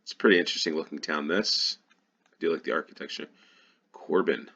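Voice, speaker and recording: A man's voice: very deep voice, a little fast, pushed and bright, breathy edge, muffled recording. A man from New York with a Western New York accent, thinking aloud while playing a geography guessing game, hesitant and full of ums. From New York, USA. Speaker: GeoGuessr channel host. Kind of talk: casual gameplay commentary.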